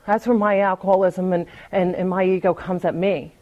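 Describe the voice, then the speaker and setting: A woman's voice: lowish voice, steady tone, brisk, few pauses, lo-fi sound. A woman giving a candid, conversational recovery talk, often restarting and repeating words and laughing lightly between thoughts. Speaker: AA speaker. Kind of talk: personal recovery talk at a meeting.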